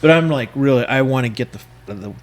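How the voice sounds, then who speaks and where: A man hosting a podcast, telling a story in a lively casual way, acting out what people said and dropping to a whisper for asides. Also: mid-range voice, a little fast. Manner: animated, acts out voices in anecdotes, whispers asides. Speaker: podcast host.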